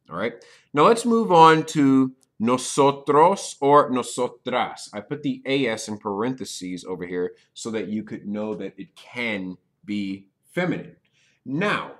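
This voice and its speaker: A man's voice: medium pitch, a bit bright. A man teaching a beginner's language lesson on video, explaining step by step and checking in often with "okay?". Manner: repeats key points for beginners. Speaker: Spanish teacher.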